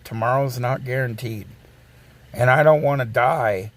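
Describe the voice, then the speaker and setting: A man in his forties, a streamer, ranting bluntly and casually, swearing and circling back with restarts. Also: medium pitch. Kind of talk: casual rant.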